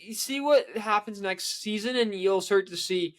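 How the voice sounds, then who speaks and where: A Canadian man co-hosts a casual sports podcast, rambling along with lots of restarts and fillers. His voice is high and fairly bright, at a moderate pace.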